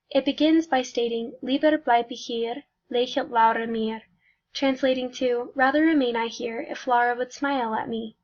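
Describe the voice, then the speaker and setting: A woman reading a prepared music analysis aloud, careful and measured, with small slips. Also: sits high. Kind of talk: read academic music analysis. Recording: dull lo-fi recording.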